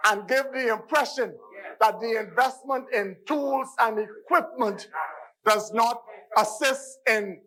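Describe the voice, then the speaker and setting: A Bahamian-accented man speaks in a parliamentary debate with a high, forceful voice. He drives his points home, circling back to the same phrases and addressing the chair again and again. He is in a parliament chamber. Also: slow, rough recording. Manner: emphatic, repeats "Mister Speaker" and phrases for stress. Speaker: member of parliament.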